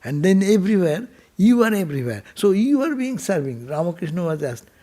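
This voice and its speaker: A man, a monk, giving a temple sermon, telling stories gently and asking his listeners rhetorical questions. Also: high voice, very animated, a little fast. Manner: gentle storytelling, rhetorical questions, speaks softly.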